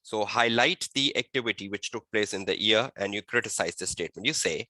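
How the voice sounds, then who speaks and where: A male audit tutor giving an online exam-prep lecture, repeating key phrases and quizzing his listeners, slowing to a dictation pace to state the rules. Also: on the low side, pushed and bright, dry recording. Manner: slow dictation-like delivery when stating rules. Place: webinar.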